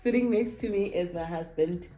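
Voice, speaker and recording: A woman's voice: lowish voice, moderate pace, dark tone, soft background music, low-quality recording. A woman hosting a casual couple vlog, playful and teasing, sometimes hesitant as she searches for words. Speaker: vlog host.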